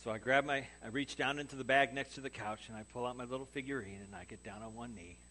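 A man preaching a sermon as pastor, telling a personal story with lively acted-out dialogue. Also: medium pitch, fast talker, a little hiss or hum. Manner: animated storyteller acting out quoted dialogue.

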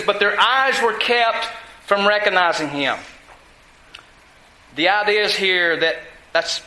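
A man's voice: fairly high pitch, sharp tone, echoey room, rough recording. A man teaching a sermon on a Bible passage, reading verses aloud and talking to the room in a conversational way. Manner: conversational, checks in with listeners; reads scripture aloud. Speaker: preacher.

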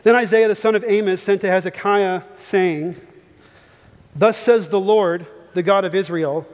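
A man's voice: high-pitched, steady tone, unhurried, darkish tone. A man preaching a sermon, emphatic and reading scripture passages aloud to his congregation. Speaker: pastor. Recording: reverberant hall.

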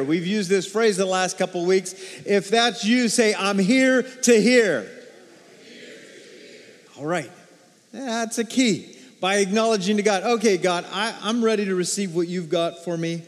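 A man preaching a sermon as pastor, energetic and calling for responses from his congregation in a church sanctuary. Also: high voice. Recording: long hall reverb.

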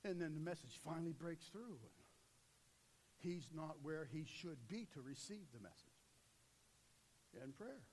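A man preaching a sermon, swinging between loud urgent passages and low, quiet intensity. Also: lively intonation, a little slow, pauses often, slight background noise.

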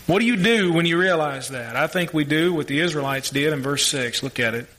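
A man's voice: a little high, animated, fairly quick, a bit bright, a little hiss or hum. A male pastor preaching a sermon, earnest and asking the congregation questions.

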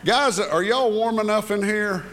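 In a church sanctuary, an older male pastor preaches with a high, fairly bright voice at a slightly slow pace. His sermon is folksy and conversational, packed with asides and fillers.

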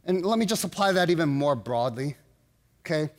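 A middle-aged-sounding pastor preaches a sermon in a high, light voice. He is earnest and animated yet halting, frequently stopping to begin his sentences again.

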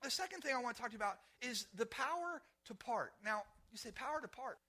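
A man preaching a sermon in a high, very bright voice. He repeats his phrases for emphasis and calls on the congregation to say words back to him. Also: expressive, quick pace. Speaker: pastor.

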